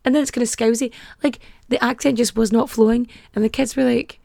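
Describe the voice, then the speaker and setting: A woman's voice: fairly high pitch, fairly even intonation, brisk, creaky, a little mellow, no room sound. A young woman hosting a podcast, rambling and chatty, packing her talk with "like". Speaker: podcast host. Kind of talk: casual podcast chat.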